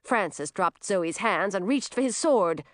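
A woman narrating a children's storybook aloud in a lively, expressive way. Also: medium pitch, unhurried, no echo, clean studio sound.

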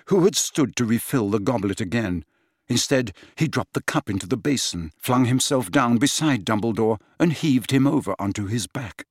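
A male narrator reads an audiobook with dramatic expression. His pitch sits in the middle of the range but swings freely. The recording is dry and close to the mic. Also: dry recording. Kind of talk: scripted narration.

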